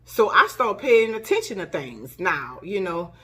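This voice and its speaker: A woman's voice: medium pitch, unhurried, breathy edge. A middle-aged woman telling her own story casually to her channel, acting out the quoted lines, with a cough. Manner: animated retelling, acts out quoted dialogue. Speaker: vlogger.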